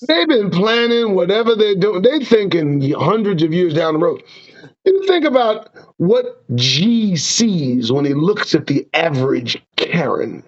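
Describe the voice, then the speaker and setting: A man hosting a streamed talk show, preaching in a fiery, profane rant. His voice sits high and swoops widely up and down. The sound is dull and lo-fi. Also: unhurried. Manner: profane, preaching, lively ups and downs. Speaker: show host. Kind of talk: impassioned ranting commentary.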